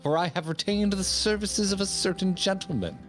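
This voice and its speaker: A man's voice: sits high, normal speed, faint music behind, voice pushed up, lightly acted. A man voicing a haughty, wealthy female collector with imperious, theatrical delivery. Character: haughty rich woman collector. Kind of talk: streamer reading game dialogue aloud.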